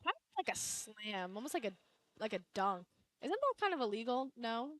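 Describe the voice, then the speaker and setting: A woman's voice: fairly high pitch, very animated, moderate pace, a bit bright, dry recording. A young woman giving color commentary on a live game, chatty and wry in her analysis.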